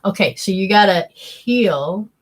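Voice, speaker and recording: Passing along messages from spirits, a woman hosting a psychic medium show talks in quick, choppy bursts, casual and blunt, swearing often. Her voice is medium-pitched and expressive.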